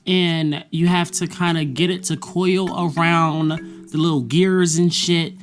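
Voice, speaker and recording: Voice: mid-range voice, fairly even intonation, a little slow, faint music behind. A vlogger talking casually about a semester, blunt and profane, with frequent laughter. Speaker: vlogger recapping a college semester. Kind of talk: casual monologue.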